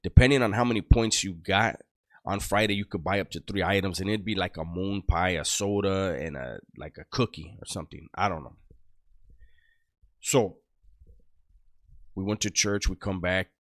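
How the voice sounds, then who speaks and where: A man's voice: low voice, normal speed, long pauses, dry recording, studio quality. A middle-aged man telling a story from his past in a casual, rambling way, heavy on street slang and swearing.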